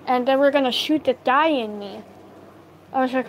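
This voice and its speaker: A woman's voice: high voice, normal speed, slight background noise, poor audio. A woman telling a personal story in a casual storytime, rambling and acting out what everyone said. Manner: rambling, acts out quoted dialogue; filler-heavy retelling, lots of "I'm like".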